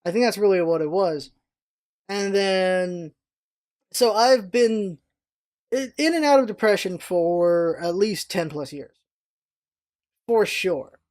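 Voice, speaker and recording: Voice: lively intonation, takes it slowly, long pauses, a little mellow. A vlogger in their thirties talking casually and at length, meandering from one thought to the next with frequent restarts. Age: 30s. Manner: chatty and meandering, with frequent restarts and jumps in pitch. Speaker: vlog host. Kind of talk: casual rambling vlog talk.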